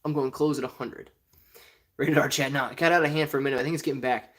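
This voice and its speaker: A man's voice: medium pitch, steady tone, fast talker, fairly bright tone. A man from Ohio hosting a casual live stream, reading viewer comments aloud in a rambling, joking way and often laughing. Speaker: stock livestream host.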